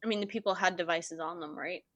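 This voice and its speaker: A woman's voice: lowish voice, fairly even intonation, fast. A woman player in a tabletop game, talking casually and thoughtfully, and laughing often.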